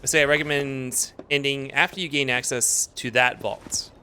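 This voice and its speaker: A man's voice: mid-range voice, fairly even intonation, normal speed, bright, forceful tone, a little hiss or hum. A man streaming a video game live, chatting casually, easily distracted, reacting to what is on screen.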